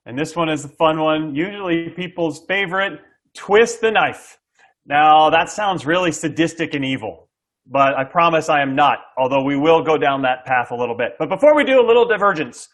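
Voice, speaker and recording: An animated, fairly bright voice, a little high and at a moderate pace, belongs to a middle-aged SaaS sales coach on as a guest. He's energetic as he explains sales tactics to an interviewer, acting out what buyers say and checking in often with "okay?".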